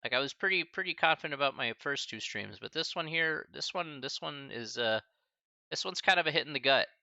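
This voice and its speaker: Saying an emotional farewell to his live-stream chat, a math teacher speaks in a bright, forceful, fairly high voice with lively intonation and vocal fry. The recording is muffled with no room sound. He's halting and choked up, restarting and sighing often, yet friendly and casual, calling everyone "buddy" and "man."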